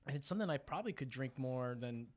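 A man's voice: mid-range voice, lively intonation, fast. A man hosting a podcast and reviewing a beer in easygoing, teasing casual chat. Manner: laid-back, laughing, teasing. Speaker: podcast host.

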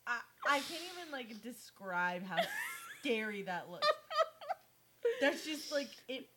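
A woman co-hosting a podcast, excitable and exclamatory, swearing casually as she reacts. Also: fairly high pitch, slow pace, noisy background. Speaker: podcast co-host. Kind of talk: casual chat.

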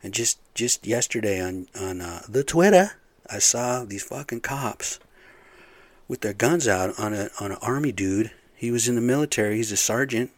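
A man's voice: fairly low pitch, animated, moderate pace, dry recording. A middle-aged man ranting casually, angry and profane, rambling with lots of fillers. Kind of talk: casual rant.

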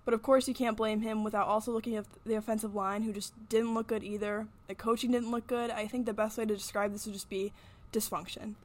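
A woman's voice: on the high side, level tone, fast. A young woman hosting a sports podcast, reading a scripted weekly recap with chatty, candid asides. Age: young adult. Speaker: podcast host.

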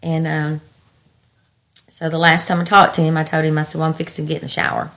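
A woman, telling her story as an interviewee in halting bursts full of restarts. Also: sits low, completely flat delivery, a bit bright. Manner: halting, breathless retelling with restarts and laughter. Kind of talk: personal storytelling.

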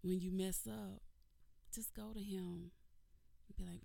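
A woman's voice: medium pitch, steady tone, a little slow, gravelly, warm tone, dry recording. A woman hosting a devotional radio talk show from a studio, earnest and preacherly, repeating herself with many fillers.

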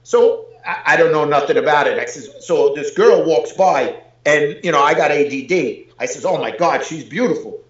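A man's voice: a little high, lively intonation, moderate pace. A man, telling a long joking story as an interview guest, full of "I says". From New York City. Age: 40s. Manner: rambling, joking, says "I says" a lot. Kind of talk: casual storytelling. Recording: roomy, dull lo-fi audio.

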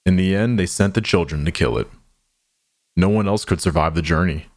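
A man narrating an audio drama in a measured, somber storytelling manner. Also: deep voice.

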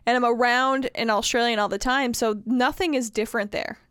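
A woman from Wisconsin who talks bluntly in casual conversation, swearing freely. Her voice sits a little on the high side. The recording is close-miked and dry. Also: steady tone, fairly quick, fairly bright tone, clean tone, no echo. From northern US, Wisconsin. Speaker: podcast co-host. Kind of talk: casual chat.

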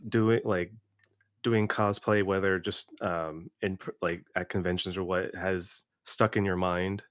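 A man hosts a casual interview, thinking aloud in loose, rambling sentences full of restarts. His voice sits fairly low. The sound is dry, with no room echo. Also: smooth. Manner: relaxed, rambling, many restarts. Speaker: host.

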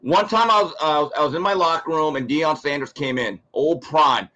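Guy ranting blunt about football on a talk show, kinda high voice. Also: moderate pace, pushed and bright, poor audio. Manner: blunt, ranting, acts out quotes. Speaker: guest commentator. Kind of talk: opinionated sports talk.

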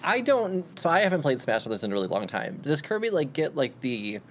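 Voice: medium pitch, very animated, fairly quick, crowd noise. Rambling, musing podcast co-host. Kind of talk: casual chat.

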